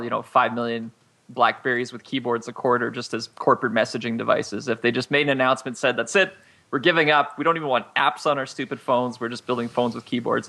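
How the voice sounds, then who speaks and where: A man's voice: mid-range voice, gravelly, bright, forceful tone. A man chatting casually as a regular panelist on a tech podcast, thinking aloud and hedging with fillers.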